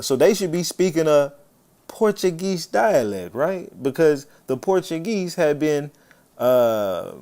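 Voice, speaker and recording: A man's voice: medium pitch, warm tone. A man hosting a live stream, chatting casually and swearing freely, greeting viewers by name. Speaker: livestream host.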